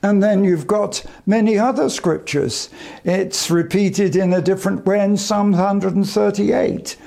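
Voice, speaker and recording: A male evangelist preaching a sermon, slow and deliberate, with emphatic pauses between phrases. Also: high voice, steady tone, creaky, warm tone.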